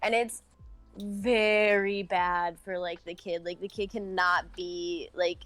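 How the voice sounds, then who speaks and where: Female podcast guest, halting casual speech, faint background music. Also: fairly low pitch, steady tone, fairly bright tone, dry recording. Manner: hesitant, lots of "like" fillers. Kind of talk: casual chat.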